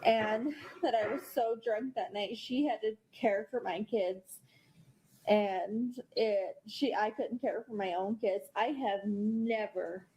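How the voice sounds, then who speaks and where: A woman's voice: mid-range voice, slow pace, mellow, slight background noise. A woman in her thirties in a private chat, upset and swearing as she repeats herself. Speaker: widow in a recorded private conversation. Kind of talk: casual heated chat.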